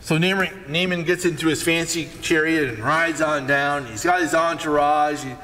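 A man preaching a sermon and retelling a Bible story with animated storytelling, acting out the characters. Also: on the high side, moderate pace, in a large hall. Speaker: pastor.

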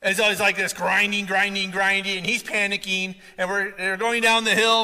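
Male pastor, high bright voice, casual preaching style, long hall echo. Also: little pitch movement, normal speed, hardly any pauses, smooth. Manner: conversational, checks in with "right?" often. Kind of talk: sermon.

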